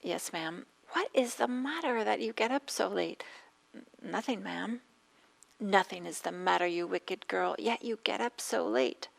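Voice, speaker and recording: Woman doing a fed-up bossy mistress of the house, snappy, a bit gravelly. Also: mid-range voice, expressive, a little slow, exaggerated voice. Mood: exasperated scolding. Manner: sharp, exasperated calling out. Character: scolding mistress of a household, exasperated.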